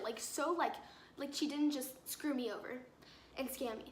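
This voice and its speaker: A woman's voice: sits high, normal speed, a little hiss or hum. A teenage girl vlogging a storytime, exasperated and full of "like" fillers, in a roomy space. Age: teens. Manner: exasperated, filler-heavy retelling. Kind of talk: storytime vlog. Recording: roomy echo with faint ambience.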